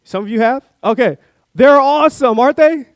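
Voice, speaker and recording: A man giving a sermon, an animated, playful storyteller who talks directly to the congregation. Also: very high-pitched, moderate pace, clean tone, dry recording. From Florida. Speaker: guest speaker. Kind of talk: sermon with a told joke.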